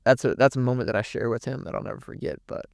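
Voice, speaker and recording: Flat-voiced young man, very smooth. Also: mid-range voice, rapid-fire, no echo, clean studio sound. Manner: rambling, emotional, frequent restarts and swearing. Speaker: podcast guest. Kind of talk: candid personal storytelling.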